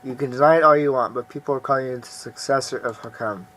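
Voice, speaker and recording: A man's voice: medium pitch, fast, fairly bright tone, lightly acted. A man reading as a surly, sneering young man. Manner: curt and sneering. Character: surly suspicious young man, bitter and rude.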